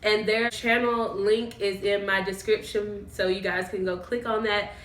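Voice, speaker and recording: A woman vlogger chatting casually with her cousin while eating, telling stories in a relaxed way. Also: medium pitch, a little slow. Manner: chatty, storytelling, laughs easily. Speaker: mukbang vlogger. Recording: roomy, mic far off.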